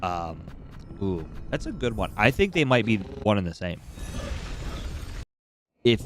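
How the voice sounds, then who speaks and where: A man's voice: fairly low pitch, big pitch swings, moderate pace, pauses often, slight background noise. A man streaming a video game, chatting casually in an irreverent, profane, rambling way while coming down with a cold. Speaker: gaming livestreamer. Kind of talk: casual chat while playing.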